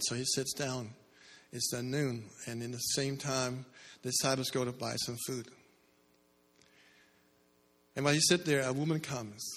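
A man's voice: mid-range voice, a bit bright. A male preacher giving a sermon, asking the congregation questions and building in bursts, heard in a church hall. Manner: asks the crowd "how many" questions, builds in bursts. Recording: echoey hall.

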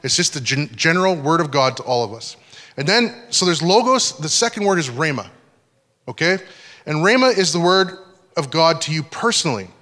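A pastor giving a conversational sermon, often checking that the congregation is following. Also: male voice, fairly high pitch, very animated, moderate pace, pushed and bright. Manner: conversational teaching, frequent check-ins with listeners. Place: church hall. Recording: long hall reverb.

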